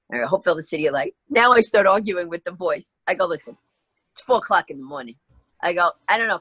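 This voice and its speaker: A woman's voice: lowish voice, fairly bright tone, slightly rough, no room sound. A middle-aged woman guest telling a story in a podcast interview, acting out both sides of the dialogue. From New York.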